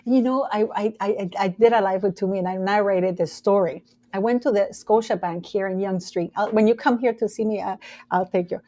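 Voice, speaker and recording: A woman with a Latin American Spanish accent, hosting a casual chat and telling stories in an animated way, often acting out what other people said. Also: mid-range voice, fairly quick, dry recording. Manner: animated storytelling, quoting people in changed voices. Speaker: host. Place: Canada.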